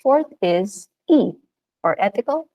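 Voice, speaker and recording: A woman with a Filipino accent, teaching a recorded video lesson. She speaks in an upbeat, animated way, with sudden lifts in pitch. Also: takes it slowly, lo-fi sound. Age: adult of working age.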